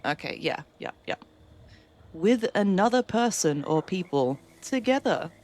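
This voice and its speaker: A woman's voice: lowish voice, animated, measured pace, a little mellow. A woman streaming a game at home, chatting casually with her viewers and laughing easily. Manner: chatty, reads out and answers chat, laughs easily. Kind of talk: casual live-stream chat while gaming.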